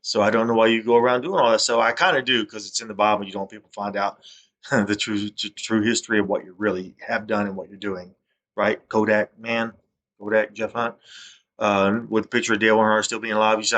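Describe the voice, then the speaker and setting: A man's voice: fairly low pitch, steady tone, a little fast, a bit bright. A man, talking to camera in a rambling, accusatory monologue that keeps repeating itself. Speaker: vlogger.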